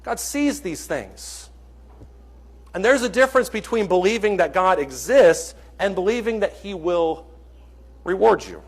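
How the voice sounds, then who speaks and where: A man's voice: sits high, animated, measured pace, slightly rough. A man preaching a sermon in church, earnest and emphatic, reading scripture and stopping to correct himself with small jokes.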